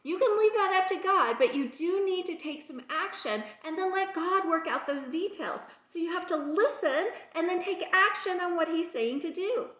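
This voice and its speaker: A woman's voice: very high-pitched, expressive, moderate pace, few pauses, a bit bright, echoey room. A woman teaching a motivational faith talk, emphatic and repetitive, calling her listeners "you guys" and "people". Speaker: spiritual teacher.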